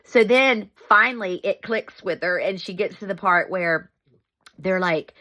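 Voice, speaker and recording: A woman's voice: mid-range voice, a little slow, pushed and bright. A middle-aged woman telling a family story in a casual vlog, chatty and laughing often.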